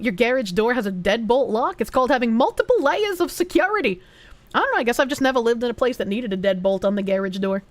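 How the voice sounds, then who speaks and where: Young woman streamer, fairly high voice, dry close sound, casual and profane, reads out donations and chats. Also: no echo. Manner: reads donation messages aloud, thanks supporters, swears casually. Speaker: streamer reading chat. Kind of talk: casual livestream chat.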